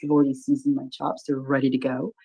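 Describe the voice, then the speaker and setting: Low-voiced woman. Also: flat delivery, fast, gravelly, warm tone, husky. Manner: folksy, chatty, greets viewers. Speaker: livestream co-host. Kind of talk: casual livestream chat.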